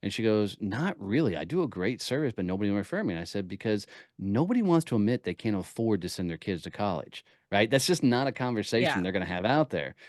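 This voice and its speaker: A man talking as a podcast guest, telling energetic stories with punchy emphasis. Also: on the low side, fast, no room sound, studio quality. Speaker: podcast guest, networking speaker. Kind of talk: casual interview talk.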